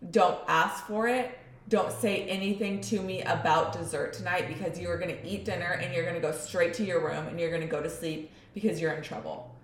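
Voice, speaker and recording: A woman's voice: fairly low pitch, fairly even intonation, brisk, echoey room. A young woman co-hosting a podcast who tells stories with animation and acts out her son's voice. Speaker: podcast co-host. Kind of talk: casual chat.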